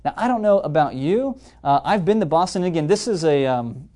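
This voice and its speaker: An energetic man hosting a live marketing webinar, addressing the audience directly and often checking in with "okay?". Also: on the high side, fairly quick. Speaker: webinar host.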